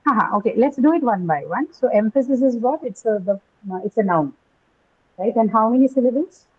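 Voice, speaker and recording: This pronunciation teacher's voice is a little high, expressive, brisk and breathy at the edges. She regularly asks "right?" and poses questions to her students, recorded in dull, lo-fi sound.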